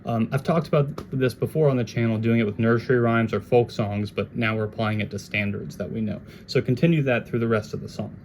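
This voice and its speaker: Man, guitar teacher, casual lesson talk, relaxed, slight background noise. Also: mid-range voice, brisk, hardly any pauses. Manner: relaxed, conversational, scats melodies.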